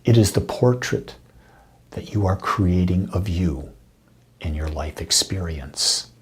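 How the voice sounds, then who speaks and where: Low, very breathy male minister. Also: lively intonation. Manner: soft, intimate delivery with frequent breathy, whispered phrases; slow, deliberate affirmations. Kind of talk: spiritual talk.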